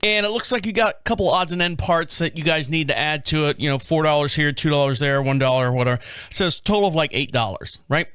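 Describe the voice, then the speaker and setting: A man's voice: fairly high pitch, fast, a bit bright, smooth, no echo, clean studio sound. A man, hosting his own show, telling a rambling story and acting out both sides of a phone call. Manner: chatty, acts out both sides of phone calls in rambling asides. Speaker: podcast host. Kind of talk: casual storytelling monologue.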